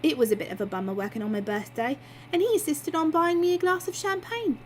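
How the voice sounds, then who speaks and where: A woman's voice: sits high, fast talker, slight background noise, pitched above the performer's own voice, close to an everyday voice. A woman voicing a chatty, cheeky barmaid, telling her story breezily. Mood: breezy.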